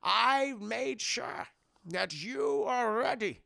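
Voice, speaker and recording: Man doing a gruff lecturing dad impression, slow and stern, dry close mic. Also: extremely high pitch, expressive, sharp tone, no echo, pitched above the performer's own voice, full character voice. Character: gruff scolding older father, Connery impression.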